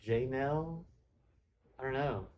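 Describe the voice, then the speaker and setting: A man of middle pitch hosting a relaxed podcast interview. He laughs along with his guest and keeps the talk encouraging and loose. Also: slow, muffled recording, slight background noise. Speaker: podcast host. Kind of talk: casual interview chat.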